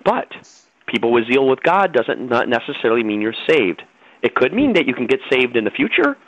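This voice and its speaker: A man's voice: mid-range voice, big pitch swings, brisk, no room sound. Preachy man on a muffled radio line. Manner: preachy, insistent lecturing. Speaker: guest. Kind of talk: radio talk show discussion.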